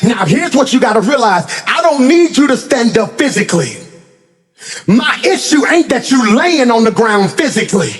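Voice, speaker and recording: A male pastor preaching a sermon in a church, telling stories dramatically and rising into shouted exhortation. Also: very high-pitched, sing-song, moderate pace, in a large hall. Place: church sanctuary.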